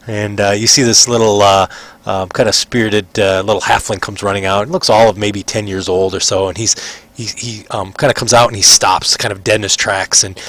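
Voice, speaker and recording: A man running a tabletop game as game master, narrating in a relaxed, hesitant way full of fillers. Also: fairly low pitch, fairly quick.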